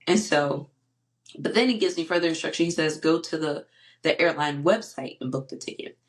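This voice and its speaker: A woman hosting her own faith podcast, telling a personal story in a casual, animated way with many fillers, acting out her own past words. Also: low-pitched, normal speed. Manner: frequent fillers and repetition. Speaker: podcast host.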